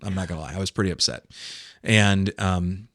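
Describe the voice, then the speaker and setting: A man, a pastor, talking in a casual podcast discussion with earnest, animated emphasis. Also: deep voice, a little fast, no room sound, studio quality.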